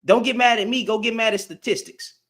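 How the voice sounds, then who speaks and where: A man's voice: extremely high pitch, steady tone, brisk, fairly bright tone. A man hosting a live stream, ranting back at commenters in slangy, confrontational talk and repeating lines for emphasis. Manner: addresses commenters directly, slangy.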